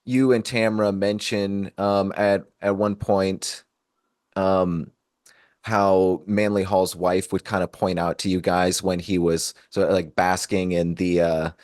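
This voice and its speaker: A man hosting a podcast interview, asking long halting questions full of ums. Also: low voice, little pitch movement, a little mellow, dry recording, studio quality. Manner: halting, many fillers, admiring questions. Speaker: podcast host. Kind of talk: casual interview.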